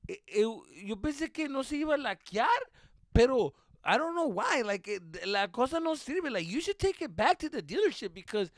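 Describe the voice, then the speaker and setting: A shrill, overdramatic teenage boy whines and yells his complaints, as a man puts him on. His voice climbs far above a man's usual register and swings wildly. The sound is close and dry. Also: very animated, a little fast, no room sound. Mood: flustered. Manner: shouting, whining complaints.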